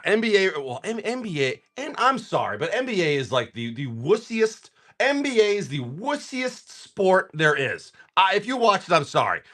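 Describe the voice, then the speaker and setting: Guy hosting a card stream, goofing around and telling a long story, kinda high voice that jumps all over. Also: a bit bright. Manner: joking, rambling storyteller. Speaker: host of a live card-selling stream. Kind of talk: casual chat.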